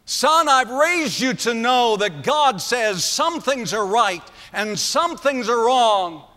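Man doing an indignant king voice, shouting, repetitive, bright tense tone. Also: sits high, very animated, slow pace, husky, exaggerated voice. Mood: furious. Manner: indignant, accusing, repeating himself. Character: furious middle-aged king scolding his grown son. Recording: long hall reverb.

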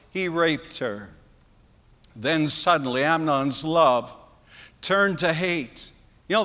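A man preaching a sermon, retelling a story earnestly with dramatic pauses. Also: high voice, sharp tone. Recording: long hall reverb.

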